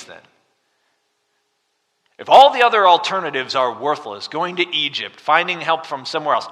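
A male preacher delivering an expository sermon in a church hall. His voice is bright and forceful, and it carries a long, reverberant tail. He moves from loud emphasis to quiet intensity and keeps asking the listeners questions. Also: on the high side. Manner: dramatic, swings from loud emphasis to hushed.

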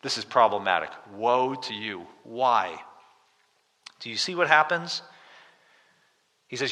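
A man preaching an expository sermon, dramatic, swinging from loud emphasis to hushed tones and asking the listeners questions. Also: medium pitch, expressive, unhurried, long pauses. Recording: reverberant hall.

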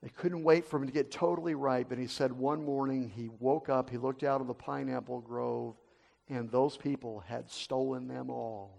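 A man preaching a sermon as an animated storyteller, swinging between loud and hushed. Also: medium pitch, normal speed, vocal fry.

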